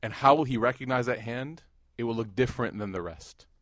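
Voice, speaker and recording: Thirties guy preaching, jokey and loud in stories then soft and earnest, dry close sound. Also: mid-range voice, fairly quick, dry recording. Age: 30s. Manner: animated, jokes and rises loud in anecdotes, hushed and earnest in devotion. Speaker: Muslim preacher. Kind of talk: sermon with storytelling.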